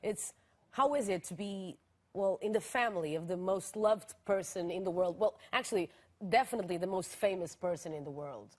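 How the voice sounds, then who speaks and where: A woman's voice: lowish voice, brisk. A woman hosting a talk show interview in English, bubbly and full of exclamations. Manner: bubbly, laughs and exclaims a lot.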